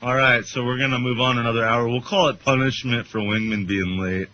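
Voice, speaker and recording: A man's voice: medium pitch, steady tone, fairly quick, bright, forceful tone. A man hosting a casual talk radio show in a laid-back, conversational way. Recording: dull internet radio with faint hiss.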